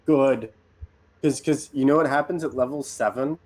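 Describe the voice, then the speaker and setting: A man's voice: mid-range voice, moderate pace, a little mellow. A man playing in a tabletop game, talking eagerly about his character's rules in casual chat. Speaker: player.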